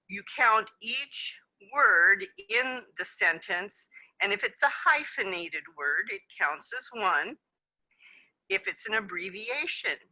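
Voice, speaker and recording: Over a video call, a woman presents a conference session as a webinar, explaining in a friendly way with some fillers. Her medium-pitched voice sounds pushed and bright, and the recording is low in quality.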